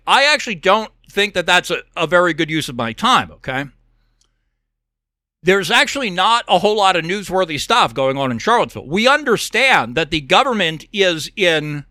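A podcast host delivers a profane, heated monologue in a high voice that swings widely in pitch. His tone is bright and forceful, and he clears his throat often. The sound is dry and close. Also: dry recording. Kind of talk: angry monologue rant.

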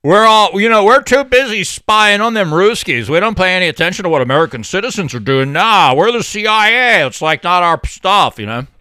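Brief: man putting on a smug spy agent, breezy and sarcastic, bright clear tone, dry close sound. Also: sits high, expressive, a little fast, hardly any pauses, no echo. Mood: dismissive. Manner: sarcastic, buddy-buddy. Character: smug chummy male intelligence agent.

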